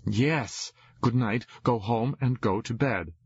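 A man's voice: medium pitch, slow pace, husky, dry recording, voice pushed up, exaggerated voice. A man voicing an annoyed young woman who scolds a drunk caller, on a dull lo-fi recording. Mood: impatient. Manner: impatient and scolding. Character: annoyed young woman woken late at night.

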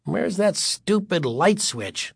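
A man's voice: sits high, sing-song, slow, creaky, slightly rough, no room sound, clean studio sound, pitched above the performer's own voice, full character voice. A man doing a boastful dad showing off. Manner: boastful, defensive. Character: eager middle-aged father, showing off new car.

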